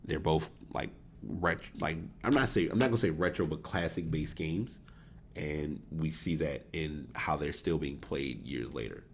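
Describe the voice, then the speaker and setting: Super deep voiced guy rambling on his podcast, keeps correcting himself, bit of hiss. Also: a little slow. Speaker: podcast host. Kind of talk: casual solo podcast talk about esports. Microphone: desk USB microphone.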